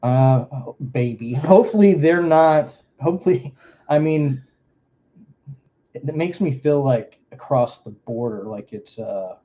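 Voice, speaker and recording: A man's voice: medium pitch, expressive, a little slow, mellow, dull audio. A man from Florida with a Southern accent, hosting a livestream in casual, joking, rambling chat. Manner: rambling, joking, drawling asides. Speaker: livestream host.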